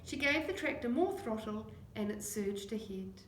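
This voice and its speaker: A woman narrating a children's chapter book, acting out the dialogue in lively voices. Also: on the high side, moderate pace, a little hiss or hum. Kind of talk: audiobook reading. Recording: echoey room.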